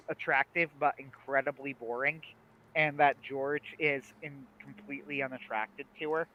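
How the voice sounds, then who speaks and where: A man co-hosting a livestream in casual chat, retelling scenes with lively acted-out quotes. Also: medium pitch. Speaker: livestream co-host. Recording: dull lo-fi stream audio.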